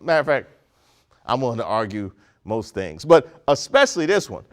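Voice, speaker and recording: A man's voice: mid-range voice, sing-song, moderate pace. A man from Maryland hosting a comedic news segment, delivering wry, sarcastic commentary. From Prince George's County, Maryland, US.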